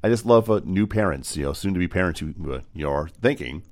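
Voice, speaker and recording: A man's voice: low-pitched, lively intonation, fast talker. A man co-hosting a morning radio show, chatting casually and rambling with lots of "uh" and "you know".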